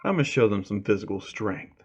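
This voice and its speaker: A man voicing a cold, calm teenage boy hero. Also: on the low side, a little fast, breathy edge. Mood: curt.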